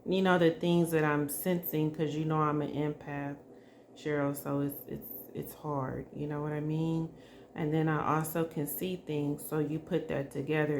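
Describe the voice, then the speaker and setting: A woman doing a psychic spirit reading, speaking softly and emotionally and addressing the spirit directly. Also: deep voice, slight background noise. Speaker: psychic reader.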